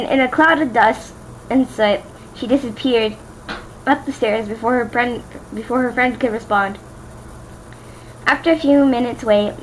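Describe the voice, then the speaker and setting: A woman's voice: fairly high pitch, a little hiss or hum, poor audio. A young woman from Louisiana casually reading fan fiction aloud, stumbling, rereading words and adding chatty asides. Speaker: amateur reader.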